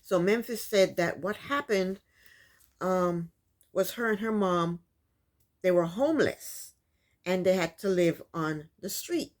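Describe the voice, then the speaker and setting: A woman's voice: fairly low pitch, animated, takes it slowly. A woman casually recapping a reality TV episode, opinionated and repetitive, with frequent ums. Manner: opinionated, many ums, repeats points.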